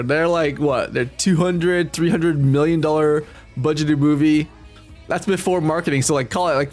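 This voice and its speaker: A man's voice: on the high side, darkish tone. A young man giving rambling, casual live-stream commentary, laughing often and using lots of fillers while greeting his chat.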